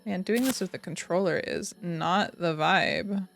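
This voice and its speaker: A woman's voice: fairly low pitch, measured pace, creaky, fairly bright tone, faint music behind. A young woman streaming a game, chatting casually, cooing and doting with giggles and sudden gasps. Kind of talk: casual live-stream commentary.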